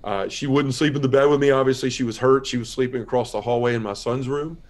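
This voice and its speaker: Man, podcast guest, earnest testimony, quiet, heartfelt storytelling. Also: medium pitch, quick pace. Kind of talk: personal testimony in a podcast interview.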